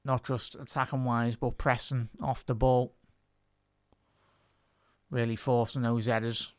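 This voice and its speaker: A man's voice: mid-range voice, flat delivery, measured pace, no echo, clean studio sound. A man with a Liverpool Scouse accent giving live fan commentary on a football match, chatting with his viewers and laughing often. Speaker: football commentator and YouTube host.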